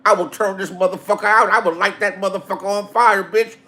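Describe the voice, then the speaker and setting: A man's voice: high-pitched, fairly even intonation, brisk, pushed and bright. A man voicing a brash, boastful adult man who throws out profane threats in a domineering way. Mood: furious.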